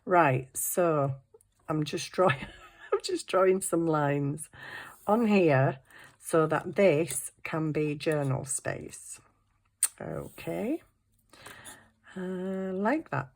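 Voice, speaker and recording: A woman's voice: low voice, drawn-out words, long pauses. A middle-aged woman, chatting to herself while crafting in a casual vlog, flustered and apologetic. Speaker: craft channel host.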